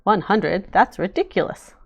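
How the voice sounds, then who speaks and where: A woman voicing a gentle, playful father in a storybook read-aloud, asking teasing, patient questions. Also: mid-range voice, lively intonation, measured pace, gravelly, lo-fi sound. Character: gentle playful dad making pancakes.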